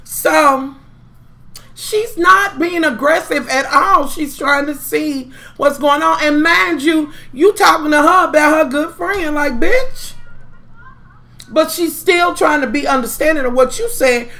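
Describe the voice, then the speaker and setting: A woman's voice: sits high, measured pace, pushed and bright. A woman vlogging a profane, sassy gossip rant with mocking, dramatic flair. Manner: profane, sassy, heavy swearing. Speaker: vlogger recapping a reality show.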